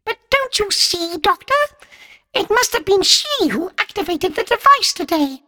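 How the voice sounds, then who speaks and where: A man voicing a small, furry, pedantic vole-like alien leader in a high, fluting, quavering voice, for an audiobook. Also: sing-song, unhurried, bright, forceful tone, dry recording, exaggerated voice. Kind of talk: audiobook narration.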